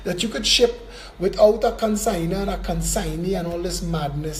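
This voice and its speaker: A man with a Trinidadian accent hosting a call-in radio show, taking callers briskly and launching into blunt, mocking rants. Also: high voice, loud music behind the voice.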